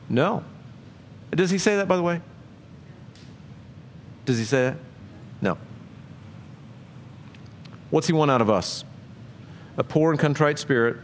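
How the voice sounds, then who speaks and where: A man preaching a sermon in a conversational way, asking his listeners many rhetorical questions and often jumping up in pitch for emphasis. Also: slight background noise. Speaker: pastor.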